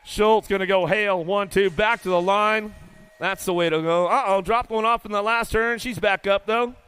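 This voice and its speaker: A man announcing live BMX races in an indoor arena, rattling off riders' names in rapid play-by-play with casual, folksy banter. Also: high-pitched, fairly even intonation, a bit bright, clean tone, no room sound. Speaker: race announcer. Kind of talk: live BMX race commentary.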